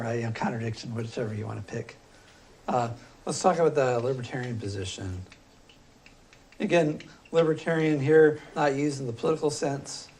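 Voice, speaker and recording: A man teaching a philosophy class, talking loosely and thinking aloud with frequent pauses and fillers. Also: mid-range voice, darkish tone, a little hiss or hum. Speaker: philosophy instructor. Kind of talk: classroom lecture.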